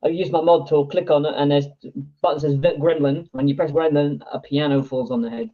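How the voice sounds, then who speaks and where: A British man talks as a guest in a casual chat, his voice a touch higher than most and squeezed through a thin, phone-like line. He speaks plainly and haltingly, leaning on ums. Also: fairly even intonation.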